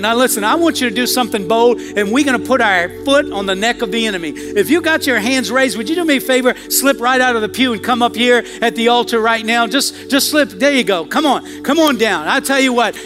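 High-pitched preacher man in a church, fervent and repeating himself, music playing under him. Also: fairly quick. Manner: fervent, repetitive exhortation, builds to shouting. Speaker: pastor. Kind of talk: sermon with altar call. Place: church sanctuary.

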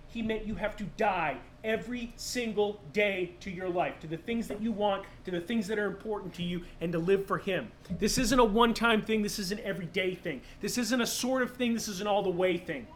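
Male pastor, sermon, high pitch for a man, wry sarcastic asides, faint background noise. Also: brisk, hardly any pauses. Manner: casual, joking and sarcastic asides.

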